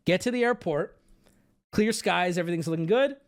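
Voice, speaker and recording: A man streamer telling a story casually to his audience, animated, profane and exaggerated. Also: high-pitched, brisk.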